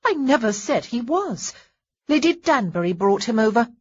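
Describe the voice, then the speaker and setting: A woman's voice: fairly high pitch, sing-song, moderate pace, slightly rough, dry recording, lo-fi sound, pitched above the performer's own voice. A woman voicing an indignant young lady. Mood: outraged. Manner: indignant, sharp retorts. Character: spirited young lady, quick to outrage.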